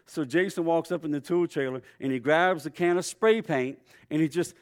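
A middle-aged man preaching a sermon in a conversational storytelling way, with lively swings in his voice. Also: a little high, normal speed, hardly any pauses. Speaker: pastor.

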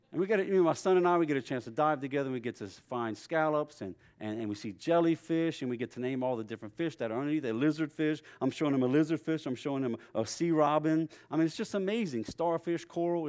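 A man's voice: fairly high pitch, fast. Chatty storytelling male preacher. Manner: storytelling, conversational, lively voice swings. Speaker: pastor. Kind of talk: sermon.

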